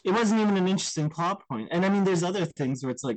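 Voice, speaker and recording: A man's voice: high-pitched, fast talker, dry recording, low-quality recording. Chatty man with a dry sound. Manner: animated, often checks in with "right?". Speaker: podcast co-host. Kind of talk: casual film discussion.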